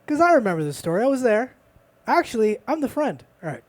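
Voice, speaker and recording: A man's voice: very high-pitched, big pitch swings, quick pace. A man of Dominican background performing stand-up at a bar open mic, bantering playfully and poking fun at himself. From Dominican family background. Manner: playful, self-deprecating banter with the crowd. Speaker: stand-up comedian. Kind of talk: stand-up comedy set.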